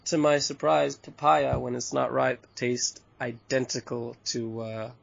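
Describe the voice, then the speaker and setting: A man from Bali, a hostel owner being interviewed, talking in a loose, relaxed, rambling way with frequent chuckles and fillers. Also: medium pitch, unhurried, vocal fry. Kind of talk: casual chat interview. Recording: dull lo-fi recording.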